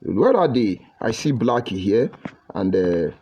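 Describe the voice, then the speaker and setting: A man's voice: lowish voice, sing-song, unhurried, dark tone, highs cut off, a little hiss or hum. A middle-aged man with a Nigerian English accent mixed with Pidgin, hosting a livestream where he reads viewer comments in a combative, mocking, preachy way. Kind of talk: live broadcast reading viewer comments.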